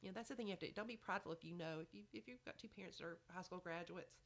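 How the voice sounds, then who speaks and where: A woman's voice: fairly low pitch, racing. A woman giving motherly advice in a chatty podcast conversation, often saying "you know". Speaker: podcast guest. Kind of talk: casual advice chat.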